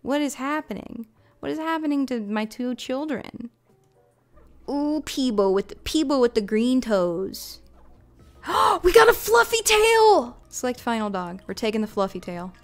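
Excitable woman streaming a game. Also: a little high, moderate pace, soft background music. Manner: excitable, chatty, talks to her pets in-game, squeals and laughs. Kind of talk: casual gameplay streaming.

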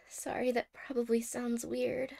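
A woman voicing a clingy, anxious young girlfriend in a whispered role-play, soft-spoken, stammering and apologetic. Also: high-pitched, vocal fry, heavily acted. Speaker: ASMR role-play creator.

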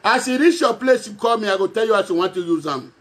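A man with a Nigerian Pidgin accent from Edo State speaks straight to his followers in a high voice. He rambles and repeats phrases, often chuckling between lines. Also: lively intonation, fast, a bit bright. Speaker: self-styled prophet addressing followers. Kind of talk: direct-to-camera monologue.

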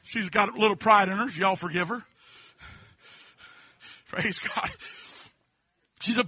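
Fervent Kentucky preacher, high bright voice. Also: male voice, unhurried, long pauses, husky, no room sound. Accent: Kentucky Southern US. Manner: fervent preaching that swings between quiet storytelling and shouted declarations. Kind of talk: testimony sermon.

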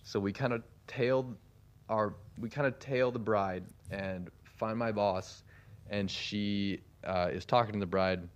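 A man's voice: lowish voice, steady tone, measured pace. A young man telling a long story in a voice message, rambling with many fillers and laughing through it. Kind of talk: casual storytelling.

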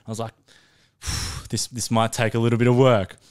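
A man's voice: mid-range voice, level tone, moderate pace, smooth. A young man, casually telling a long, sweary story on a podcast and laughing along as he goes. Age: young adult. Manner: laid-back, sweary, laughs while telling. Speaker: podcast co-host. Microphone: podcast studio mic.

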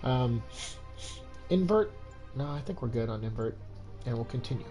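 A man's voice: mid-range voice, expressive, normal speed, mellow, muffled recording, faint music behind. Tired, stuffed-up young man streaming. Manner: keeping his voice down, rambling with many fillers. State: stuffed up with a cold; exhausted. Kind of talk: casual game-stream chat. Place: home room at night.

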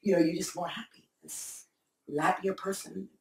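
A middle-aged woman speaking candidly in an interview, halting and repeating herself as she answers. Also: fairly low pitch, steady tone. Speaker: interviewee, mother of the host. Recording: echoey room, mic far off.

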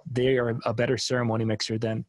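A man's voice: mid-range voice, completely flat delivery, quick pace, dry recording, studio quality. A middle-aged man hosting a live streaming seminar from a home desk, chatty and rambling with many restarts as he answers viewer questions.

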